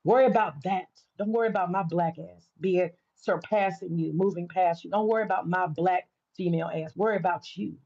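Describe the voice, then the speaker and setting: A woman's voice: fairly low pitch, gravelly, a little mellow, breathy edge, muffled recording. An American woman livestreaming to her viewers, ranting in a heated, profane, repetitive way. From United States. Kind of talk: casual livestream rant.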